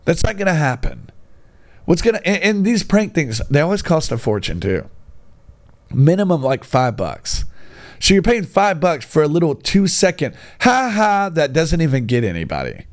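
A man's voice: a little high, sing-song, unhurried. A young man telling a rambling comic story, jumping between asides and mocking the people he quotes. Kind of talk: comedic storytelling monologue.

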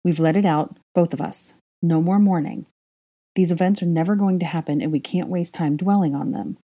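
A firm, earnest young man in a storybook reading, as a woman narrator puts him on. He presses his point gently but will not let it drop, in a soft, breathy and mellow voice. The tone stays low and warm. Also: moderate pace.

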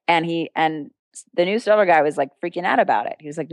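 A woman telling an anecdote as an interview guest, laughing often and jumping into higher voices for the people she quotes. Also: quick pace, dry recording. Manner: animated, acts out quoted voices with a jump in pitch. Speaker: guest, street performer and entertainer. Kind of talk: storytelling anecdote in conversation.

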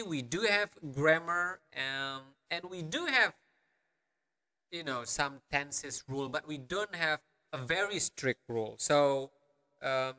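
Male teacher, patient and repetitive, crisp bright voice in a reverberant room. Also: on the high side. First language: Balinese. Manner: patient, repetitive, checks in with "okay?". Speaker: language teacher. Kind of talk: language lesson narration.

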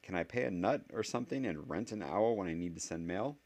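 A man's voice: sits low, animated, a little mellow, pitched above the performer's own voice. Man doing a clever, blunt young boy. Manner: quick, argumentative, earnest. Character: clever, blunt eleven-year-old boy.

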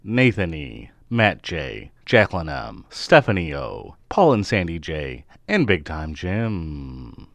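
A man hosting a podcast, chatting casually with friends and joking and teasing. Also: deep voice. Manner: jokey, quick to tease. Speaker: podcast host. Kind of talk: casual banter among friends.

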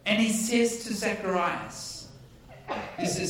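Male preacher, jokey conversational sermon, animated pitch, big echoing hall, distant mic, audience noise. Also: a little slow, long pauses, soft background music. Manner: jokey, conversational, laughs at own stories. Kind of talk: humorous storytelling sermon.

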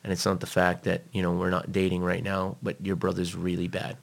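A man being interviewed, telling a personal story in a blunt, profane, animated way. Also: low voice, brisk, creaky.

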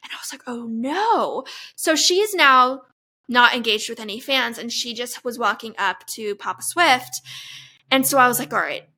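Young woman, bright high voice, excited casual storytelling, gushing fan recap, lots of fillers. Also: moderate pace. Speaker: podcast host.

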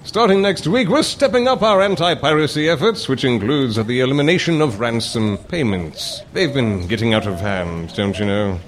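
An actor playing a jovial, chummy upper-class British army officer with a put-on British accent. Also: male voice, mid-range voice, expressive, moderate pace, hardly any pauses, a little hiss or hum, natural voice. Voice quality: chummy, plummy.

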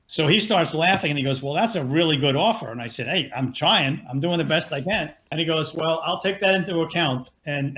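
Older man telling a lively anecdote. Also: fairly high pitch, muffled recording. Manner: animated storyteller acting out dialogue. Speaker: film producer guest. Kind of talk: anecdotal storytelling.

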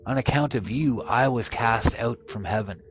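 A man's voice: mid-range voice, moderate pace, close to an everyday voice. A man reading as the devil, a bitter fallen angel. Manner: bitter, self-pitying, deceitful. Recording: muffled podcast audio with music behind.

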